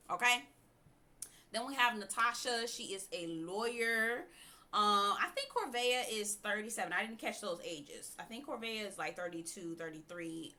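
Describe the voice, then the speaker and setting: A sassy woman hosts a casual reality TV recap and keeps turning to her viewers with a quick "okay?". Her voice is bright and forward, and her delivery is animated and opinionated. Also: mid-range voice. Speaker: TV review host.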